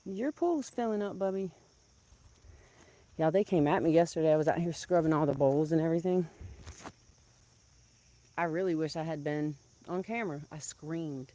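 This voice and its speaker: A woman chatting casually to camera in her backyard as she tends her chickens. She laughs often and scolds the birds in a loud, high voice. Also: measured pace, pauses often. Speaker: vlogger keeping backyard chickens.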